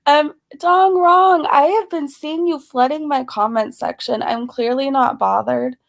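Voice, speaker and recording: A woman's voice: high-pitched, slow, gravelly. Breathless, chatty woman on a live stream. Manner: chatty, greets viewers by name, laughs between phrases. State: slightly out of breath. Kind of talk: casual live-stream chat.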